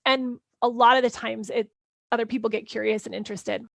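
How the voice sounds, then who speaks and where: A woman coaches parents in a live workshop, talking fast and earnestly in a high voice with a gravelly edge. She strings her thoughts together quickly and leans on "like". The sound is dry and close. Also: steady tone, fairly bright tone, no echo. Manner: earnest and encouraging, quick run-on phrasing with "like". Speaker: parenting coach and podcast host. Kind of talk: live workshop answering listener questions.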